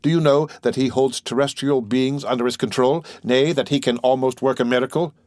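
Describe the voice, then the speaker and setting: A man reading an audiobook voices a calm, mysterious nobleman who speaks in a measured, solemn and persuasive way. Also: mid-range voice, dry recording, lightly acted. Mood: commanding.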